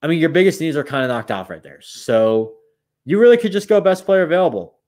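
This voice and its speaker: A man's voice: a little high, very animated, a little fast, a little mellow. Tired young man thinking aloud. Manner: thinks aloud, rambling with restarts. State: yawning, tired. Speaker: streamer running mock drafts. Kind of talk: casual live-stream commentary.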